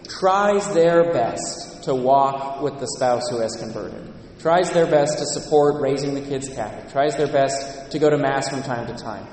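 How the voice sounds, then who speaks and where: A priest delivers an earnest, conversational sermon, and his slightly high voice rings out in a large church. His voice is picked up from a distance, so it carries a long, echoing reverb, with faint ambient noise behind it. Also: darkish tone. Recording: echoey church, distant mic.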